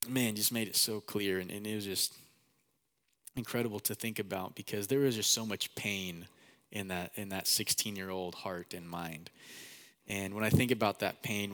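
A man's voice: fairly low pitch, a bit bright, in a large hall. A young man preaching a sermon as pastor, earnest and conversational, with many casual fillers.

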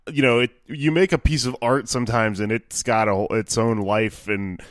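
A man's voice: fairly low pitch, fairly quick, no echo, studio quality. A man who is a comedian, chatting casually as a podcast guest, rambling and self-deprecating with frequent laughs. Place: home recording over remote call.

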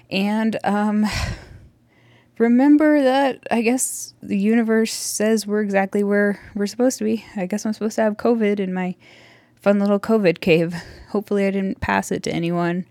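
A woman's voice: mid-range voice, normal speed, darkish tone, no echo. A woman podcast host giving a casual, rambling solo update from her dining room, sounding out of breath and apologetic. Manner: chatty, apologetic, rambling with many fillers. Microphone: close handheld microphone.

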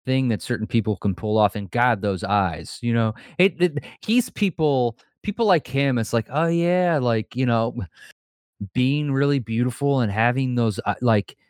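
A man co-hosting a podcast, talking in a relaxed, joking way and swearing casually. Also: medium pitch, moderate pace, no echo, studio quality. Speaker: podcast co-host. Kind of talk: casual chat.

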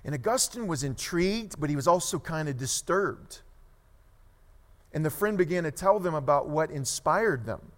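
A male pastor delivers a sermon in a lively storytelling voice, slightly higher pitched than most men. He asks his congregation questions as he goes. His voice rings out with a long hall reverb behind it.

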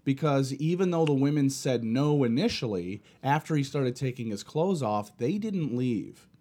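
A man's voice: medium pitch, lively intonation, moderate pace, warm tone. A man co-hosting a casual podcast chat, laying out arguments step by step. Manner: argumentative, plays devil's advocate. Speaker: podcast co-host.

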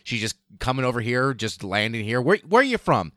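A man's voice: medium pitch, very animated, brisk, fairly bright tone, dry recording, clean studio sound, pitched above the performer's own voice. A man voicing a bemused rural Irish farmhand with an Irish accent, asking surprised, teasing questions. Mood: amazed.

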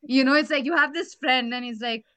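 A woman's voice: sits high, brisk, pushed and bright, clean tone, no room sound. Thoughtful woman podcast co-host. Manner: thoughtful, with many "like" and "you know" fillers. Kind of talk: casual analytical chat.

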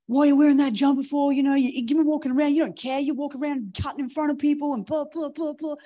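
A woman's voice: high-pitched, steady tone, quick pace, warm tone, pitched above the performer's own voice, lightly acted. Woman putting on an irate ranting man. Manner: hollering, hectoring tirade.

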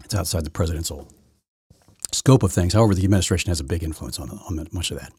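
A man's voice: sits low, fast, darkish tone, breathy edge. A man hosting his own podcast, giving rambling, opinionated solo commentary full of restarts and repeated words. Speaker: podcast host.

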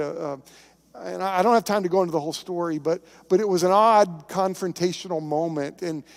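High-voiced male pastor preaching. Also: darkish tone, big-room sound. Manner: conversational, emphatic preaching with storytelling. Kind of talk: sermon.

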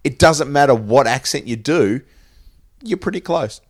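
A man's voice: mid-range voice, animated, unhurried, no room sound, studio quality. A man co-hosting a podcast, laid-back and self-mocking in casual banter. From Australia. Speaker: podcast co-host.

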